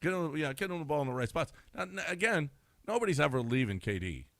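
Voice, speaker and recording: A man's voice: on the high side, sing-song, fast, a bit bright, no room sound. A man co-hosting a sports radio show, chatting loosely about the team, often breaking off and restarting his sentences. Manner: conversational, chuckling, breaks off and restarts. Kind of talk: casual sports talk. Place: radio studio.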